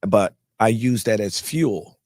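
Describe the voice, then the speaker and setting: A man from North Carolina telling his life story as an actor guest in an interview, animated and acting out the people he quotes, often repeating words as he restarts. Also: on the low side, takes it slowly, no echo, studio quality.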